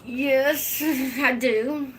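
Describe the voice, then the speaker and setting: A woman's voice: high-pitched, steady tone, very slow, a little hiss or hum. A woman hosting her own livestream from home, chatting casually and laughing often as she reads out viewer comments. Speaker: livestream host. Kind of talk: casual live chat reading viewer comments.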